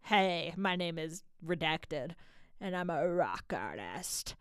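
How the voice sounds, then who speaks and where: A woman imitating a bored female rock singer in a slow, flat vocal-fry drawl. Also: deep voice, dry recording, studio quality, pitched below the performer's own voice, exaggerated voice.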